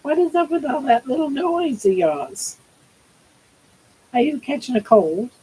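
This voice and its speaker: A woman's voice: sits high, big pitch swings, measured pace, dark tone, slight background noise, rough recording. An older woman hosting a casual livestream from home, cooing baby talk to her pet. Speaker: livestream host.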